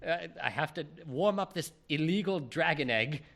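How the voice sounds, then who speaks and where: A man putting on a big, gruff, bumbling male half-giant groundskeeper who scolds the kids and spills secrets. The voice stays lively and bright, a goofy improvised comedy-podcast take on the character. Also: on the high side, normal speed.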